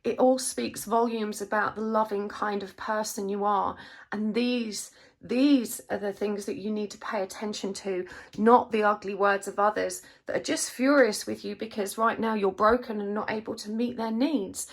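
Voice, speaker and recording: A woman giving a gentle, reassuring tarot reading, emotional at times. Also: medium pitch, fairly even intonation, normal speed. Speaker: tarot card reader. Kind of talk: gentle spiritual reading to camera.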